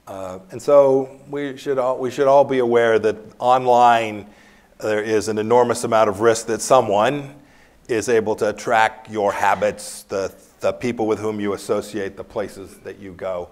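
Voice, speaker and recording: A man's voice: on the low side, fairly even intonation, unhurried, a little mellow. A man in his fifties, a guest speaker at a university lecture hall, answering questions candidly and telling anecdotes with bursts of laughter. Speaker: former secretary of state, guest speaker. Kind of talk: campus lecture Q&A, storytelling.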